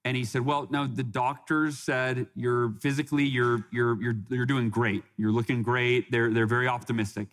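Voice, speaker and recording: A man in his forties, guesting on a podcast, tells a personal story earnestly, often restarting and quoting what others said. His mid-range voice has little pitch movement, and he talks at a normal speed with few pauses.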